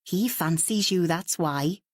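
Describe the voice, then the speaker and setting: A woman's voice: lowish voice, takes it slowly, no echo. A woman voicing a kind, wry woman friend who speaks in a dry, matter-of-fact way, in a storybook reading.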